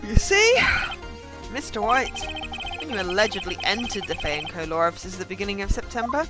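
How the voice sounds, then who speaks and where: A woman's voice: medium pitch, fast talker, lightly acted. A woman reading an eager young male defense lawyer. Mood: urgent. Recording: game music underneath.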